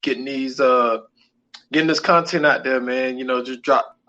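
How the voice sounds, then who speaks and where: A man's voice: mid-range voice, steady tone, normal speed, bright, forceful tone, lo-fi sound. A man co-hosting a podcast in casual chat, loose and repetitive, leaning on "man" between phrases. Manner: loose, repeats himself, keeps saying "man". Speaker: podcast co-host.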